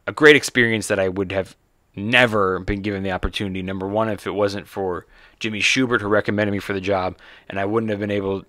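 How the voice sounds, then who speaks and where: A man's voice: fairly low pitch, no room sound, clean studio sound. An American man hosting his own podcast, a stand-up comedian talking in a loose, swearing, rambling monologue with lots of restarts. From United States. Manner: profane, rambling and animated, with many restarts. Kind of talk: casual solo podcast monologue.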